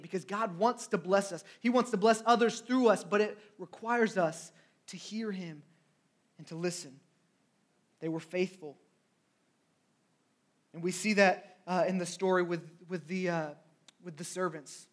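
A man preaching a sermon in a conversational way, often asking "right?" and acting out quotes. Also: high-pitched.

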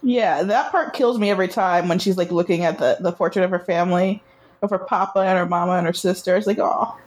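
A woman's voice: fairly low pitch, fast talker. A woman co-hosting a podcast, chatting playfully and laughing while recapping a show. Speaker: podcast co-host. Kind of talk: casual TV recap chat.

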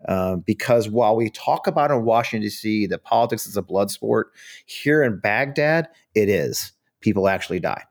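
A man's voice: on the low side, expressive. A middle-aged American man telling blunt, profane stories as a podcast guest. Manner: fast, blunt anecdotes with swearing and laughter. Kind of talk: storytelling in a podcast interview.

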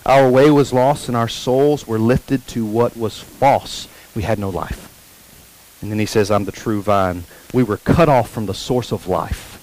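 A male pastor preaching a sermon, repeating key phrases slowly for emphasis and putting questions to the congregation. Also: mid-range voice, darkish tone, low-quality recording.

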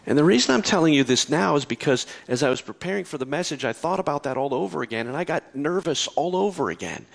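A middle-aged pastor preaching a sermon, moving from quiet storytelling to impassioned, soaring appeals and then to soft, hushed reassurance. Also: male voice, a little high, expressive, fast, creaky, few pauses.

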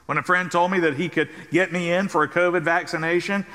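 A man's voice: high-pitched, fairly even intonation, a little fast, pushed and bright. Upbeat male pastor, ringing tone, sermon in a reverberant sanctuary. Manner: enthusiastic, conversational preaching. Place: church sanctuary. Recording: church hall reverb.

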